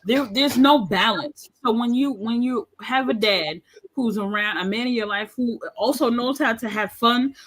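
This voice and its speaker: A woman's voice: on the high side, normal speed, low-quality recording. A woman in her thirties, speaking frankly and with animation as a podcast panelist in a candid discussion. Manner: frank and animated, acts out quoted voices.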